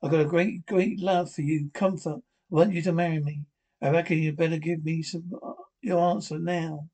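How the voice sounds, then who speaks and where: A man's voice: a little high, flat delivery, moderate pace, a little mellow. An actor playing an earnest young country man with a drawl, in a 1950s TV drama.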